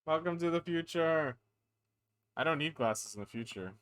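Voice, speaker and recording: A man's voice: on the high side, animated, normal speed, pauses often, a bit bright, clear, resonant tone. A tired man chatting casually on a live stream, rambling, playful and self-deprecating.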